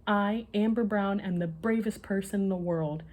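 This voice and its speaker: A woman reading a children's bedtime story aloud in an expressive, lively way. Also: mid-range voice, normal speed.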